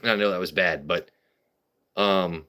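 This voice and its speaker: A man's voice: low voice, measured pace, bright, forceful tone. A man hosting a casual comedy livestream, rambling and riffing with stammered restarts. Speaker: livestream host.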